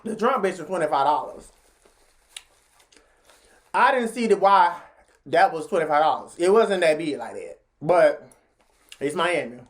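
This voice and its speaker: A woman's voice: measured pace, pauses often. A woman telling a story in a casual vlog, chatty and slangy, talking straight to her viewers. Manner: animated, jumps into high pitch when acting out what people said.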